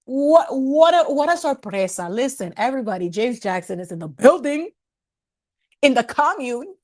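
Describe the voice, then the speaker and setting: A woman's voice: high voice, very animated, normal speed, darkish tone. A woman hosting a casual livestream chat, playful and sassy, laughing often and dropping in Spanish words. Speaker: livestream host.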